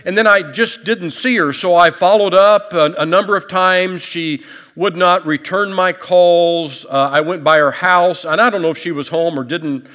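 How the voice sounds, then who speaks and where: A man's voice: high voice, steady tone, moderate pace, a bit bright, in a large hall. A male pastor preaching a sermon in a conversational, folksy way, with light humor and frequent restarts. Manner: repeats words and restarts often.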